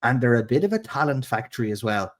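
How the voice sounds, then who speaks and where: A man's voice: medium pitch, big pitch swings, fast talker. A man co-hosting a football podcast, laid-back, swearing casually and laughing easily. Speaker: podcast co-host.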